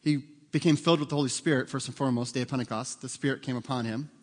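A man's voice: mid-range voice, fairly even intonation, racing. A man preaching a sermon as pastor, talking conversationally and putting questions to the congregation. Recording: long hall reverb.

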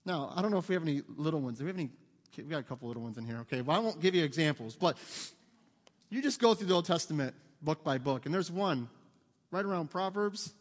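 A middle-aged pastor with a drawl delivers a sermon that feels like a conversation, full of humor and asides. His voice sits high for a man. It rings out with a long reverb through the church sanctuary. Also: expressive, fast.

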